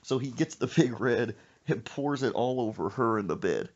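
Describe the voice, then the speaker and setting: A woman's voice: very deep voice, moderate pace. A woman hosting a podcast, telling a comic story with sound effects and laughter. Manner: animated, laughing between lines, sound effects. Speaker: podcast host. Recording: muffled lo-fi podcast audio.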